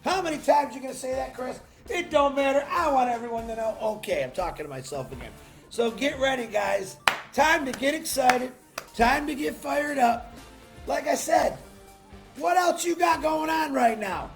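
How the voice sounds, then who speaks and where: A man runs a solo livestream at a moderate pace, firing up viewers with an eager sales pitch that erupts into shouting. He greets people from the chat by name in a very high, gravelly voice, recorded on a laptop mic with faint music playing.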